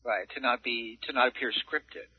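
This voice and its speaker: Slightly husky man chiming in agreeably. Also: mid-range voice, fairly even intonation, normal speed, narrow, tinny audio.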